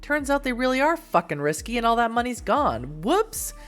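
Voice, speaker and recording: A woman's voice: on the high side, sing-song, moderate pace, voice pushed up. A woman voicing a small, wiry male street thug who talks in a menacing, mocking, profane way. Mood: scornful.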